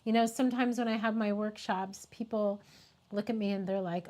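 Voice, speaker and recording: Woman, middle-aged, photographer talking on a live stream, heartfelt, tearful, halting pauses, mid-pitched voice. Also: fairly even intonation, a little mellow. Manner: heartfelt, pausing, fighting back tears. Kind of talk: casual live-stream talk.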